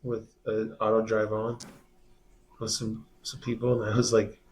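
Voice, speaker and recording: A man chatting casually as a musician guest, telling stories in a soft, laid-back way with some swearing. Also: lowish voice, monotone, a little slow, slight background noise. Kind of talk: casual chat.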